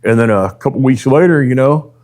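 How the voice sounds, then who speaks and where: A man's voice: mid-range voice, fairly quick, a little mellow. A man, a drag racer telling his story as a podcast guest in a rambling, folksy way. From Texas. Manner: rambling, folksy, peppered with "dude" and quoted dialogue. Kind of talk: casual storytelling.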